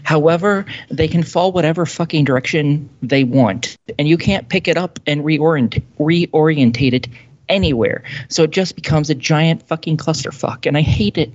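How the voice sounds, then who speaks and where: A speaker in a casual group chat who rants with heavy swearing. The voice sits at a middle pitch. The recording sounds dull and lo-fi. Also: moderate pace.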